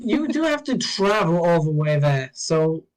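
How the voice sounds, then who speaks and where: Slow, halting dungeon master. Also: male voice, on the high side, very animated, low-quality recording. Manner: unhurried, halting, with many ums. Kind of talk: narrating a tabletop game.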